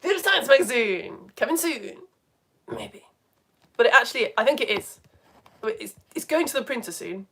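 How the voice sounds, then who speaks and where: Animated woman on a live lesson stream. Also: fairly high pitch, moderate pace, long pauses, breathy edge. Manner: animated, swings between excited greetings and quiet asides. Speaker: teacher greeting live viewers.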